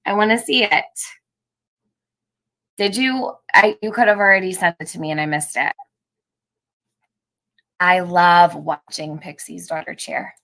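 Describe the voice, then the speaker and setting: A woman's voice: lowish voice, fairly even intonation, measured pace, gravelly, long pauses, fairly bright tone. A woman hosting a live stream, chatting casually with viewers and reading out their comments, laughing often.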